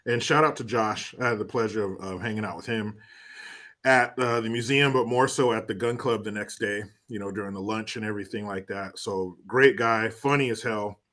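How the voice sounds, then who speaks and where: A man hosting a podcast, chatting casually with his guest in a relaxed way with some fillers. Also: lowish voice, a little fast. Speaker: podcast host. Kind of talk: casual interview chat.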